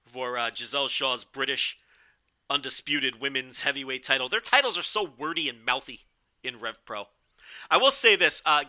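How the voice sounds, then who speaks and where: A man's voice: fairly high pitch, pushed and bright. A man reviewing a wrestling show in a casual, rambling podcast style, swearing now and then.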